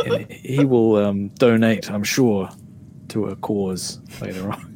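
A man's voice: on the low side, measured pace, darkish tone, a little hiss or hum. A man playing a cleric character in a tabletop game, speaking casually and sometimes dropping to a near whisper. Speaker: player.

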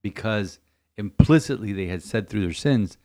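Here a male priest with a fairly low, slightly mellow voice talks at a moderate, animated pace. His podcast reflection on scripture sounds like a homily, full of emphasis, repeated phrases, and false starts.

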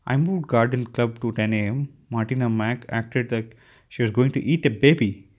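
A man voicing an imperious, sharp-tongued elderly woman who is growing confused, speaking in a querulous, haughty manner. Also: medium pitch, moderate pace, lo-fi sound, natural voice. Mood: chatty.

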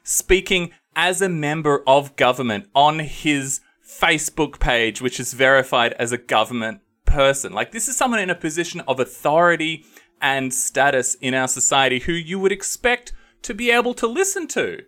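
A man's voice: a little high, animated, normal speed, bright, forceful tone. A man co-hosting a political podcast, indignant and sweary, using local slang in casual chat. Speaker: podcast co-host.

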